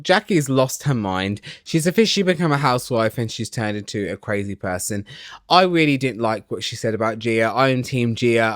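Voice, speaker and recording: A man ranting excitedly while recapping reality TV in a small home studio, swearing and dramatic. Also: medium pitch, no room sound.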